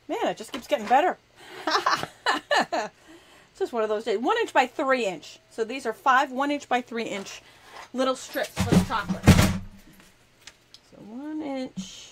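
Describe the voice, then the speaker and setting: A woman's voice: medium pitch, rough recording. A woman hosts a live crafting lesson, talking as she works with her hands. She is chatty and self-deprecating, and she laughs often. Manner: talks while working with her hands. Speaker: crafting show host.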